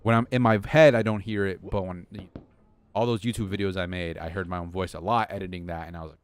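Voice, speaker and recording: A man's voice: low-pitched, fairly even intonation, quick pace, a little hiss or hum. A young man rambling and poking fun at himself as he chats to his viewers during a game stream at his home desk. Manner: rambling, self-deprecating, talks to chat. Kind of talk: rambling live-stream chat.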